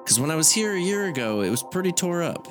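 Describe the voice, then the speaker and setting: A man's voice: fairly high pitch, sing-song, quick pace, music in the background. A man playing a tabletop game, talking casually in character with a drawl.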